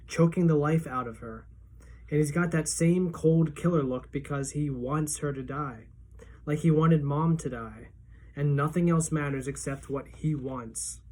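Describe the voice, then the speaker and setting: A teacher reading a novel aloud in steady first-person narration for a middle school class. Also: female voice, low voice.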